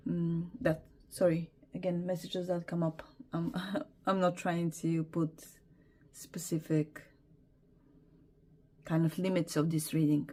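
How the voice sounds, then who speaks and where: A woman's voice: lowish voice, little pitch movement, takes it slowly, warm tone. A young adult woman giving a casual tarot reading, talking hesitantly with many fillers and apologies. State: emotional, teary. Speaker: tarot reader.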